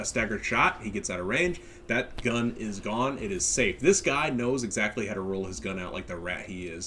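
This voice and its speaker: Profane, animated man casting a match. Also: lowish voice, a little hiss or hum. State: stuffy nose. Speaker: game caster. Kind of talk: casual game commentary.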